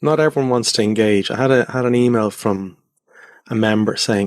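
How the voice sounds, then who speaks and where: A man's voice: on the low side, steady tone, brisk, dry recording, studio quality. A man guest talking loosely and reflectively with many fillers, from his converted attic at home. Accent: Irish. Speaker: podcast guest. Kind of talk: casual conversational interview.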